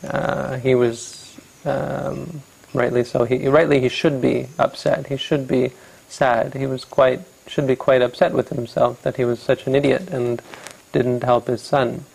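Gravelly, halting Buddhist storyteller man. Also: medium pitch, level tone, darkish tone, rough recording. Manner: halting, self-correcting, reflective. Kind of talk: storytelling dharma talk.

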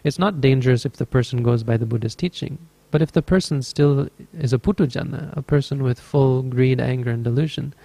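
The man's mid-range voice has a gravelly, dark quality in a dry recording. Teaching Buddhist meditation, he tells a story in a dharma talk with a relaxed, rambling manner, frequently correcting himself.

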